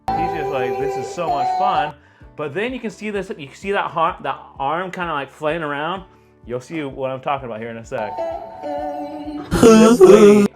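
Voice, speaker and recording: A man, a photographer and video host, giving chatty, animated reaction commentary and laughing along. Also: fairly high pitch.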